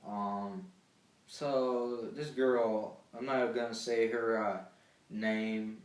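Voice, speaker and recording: A man's voice: lowish voice, fairly even intonation, drawn-out words, far from the mic. A teenage boy telling a rambling, swear-filled story from school as a casual vlog, with many fillers. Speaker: vlogger. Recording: echoey room, off-mic.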